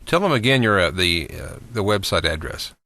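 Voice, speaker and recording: A man's voice: deep voice, big pitch swings, normal speed, gravelly, bright, forceful tone, no echo. A man hosting a radio interview, dropping short encouraging replies to his guest. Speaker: radio host.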